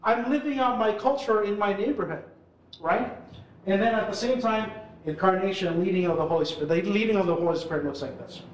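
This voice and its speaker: Man, 40s, chatty event storyteller, high voice, echoey hall. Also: a little fast, slight background noise. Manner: casual, chatty storytelling full of "like" and "right?". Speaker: urban ministry worker speaking at an event. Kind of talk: live storytelling talk. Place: hall with a live audience. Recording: roomy hall sound.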